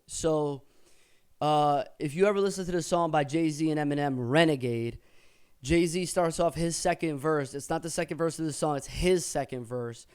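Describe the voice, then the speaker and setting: A man with a fairly high, clear, resonant voice talks through his own rap lyrics at a moderate pace, now older than he was. His explanation is casual and profane, mixed with rapped excerpts, and he thinks aloud, correcting himself along the way.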